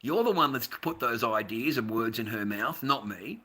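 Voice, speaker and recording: An Australian man on a live stream, rambling and confrontational, swearing freely and veering from low muttering to loud outbursts. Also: lively intonation, normal speed, husky. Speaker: livestreamer.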